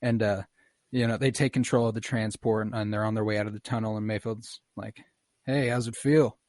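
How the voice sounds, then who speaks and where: A young man hosting a casual podcast, retelling scenes in a relaxed, profane way with quick quoted lines. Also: fairly low pitch, dry recording, studio quality. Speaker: podcast host. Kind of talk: casual podcast chat recapping a show.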